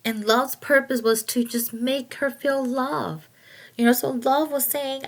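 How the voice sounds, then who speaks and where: Slow, halting woman sharing a testimony. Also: high voice, steady tone. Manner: halting, with many restarts and trailing fillers. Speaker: person giving a testimony. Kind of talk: personal testimony, casual retelling.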